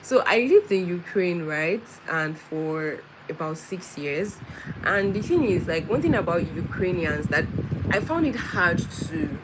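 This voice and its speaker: A young woman from West Africa telling travel stories in casual live-stream chat. She talks in an animated way, restarts her sentences often and laughs as she goes. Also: lowish voice. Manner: chatty, with many restarts and laughs, animated storytelling. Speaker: vlogger. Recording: noisy background with vehicle sounds.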